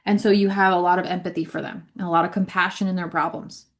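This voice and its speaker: Her voice sits on the low side, steady and quick, as this ministry leader gives a relaxed spiritual talk. She keeps it conversational, repeats herself, says "like" often, and keeps checking in with "right?"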